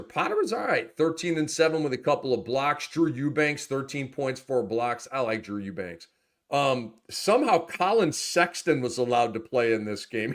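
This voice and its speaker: A man hosting a fantasy basketball show, talking in animated, casual chat that swings from muttering to loud, swearing outbursts. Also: medium pitch.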